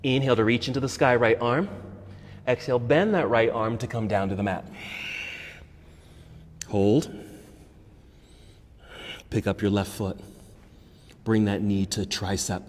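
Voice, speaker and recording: An American man leading a yoga class, giving calm step-by-step cues for poses and breath. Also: lowish voice, a little slow, pauses often, long reverb tail. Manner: calm instructive cueing, breath counts. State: slightly out of breath. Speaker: yoga instructor. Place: yoga studio.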